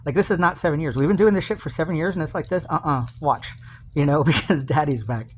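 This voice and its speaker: A man's voice: on the high side, quick pace, a little hiss or hum. Rambling, remorseful man talking to camera. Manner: rambling, confessional, with many fillers and restarts. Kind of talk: emotional personal video message.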